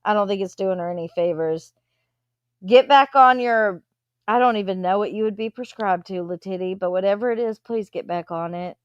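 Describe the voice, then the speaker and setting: A woman's voice: medium pitch, normal speed, clean tone, no echo, lo-fi sound. A woman hosting a live stream, chatting casually as she reads viewer comments aloud and answers them.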